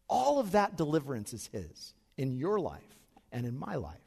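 A middle-aged male pastor preaching a sermon, swinging from loud emphatic peaks down to low quiet asides. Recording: long reverb of a large hall.

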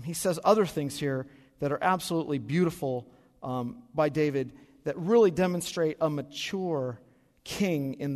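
A middle-aged male pastor preaching a sermon, swinging from loud emphatic peaks down to low quiet asides. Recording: long reverb of a large hall.

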